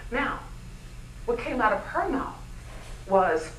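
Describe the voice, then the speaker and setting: A woman speaker gives an animated motivational talk at a luncheon, her voice high and sharp. She keeps turning to the audience with questions. The sound is roomy and picked up from far off, with a faint hiss underneath. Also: takes it slowly. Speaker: keynote speaker. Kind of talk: motivational speech. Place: luncheon event hall. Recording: echoey hall, mic from far off.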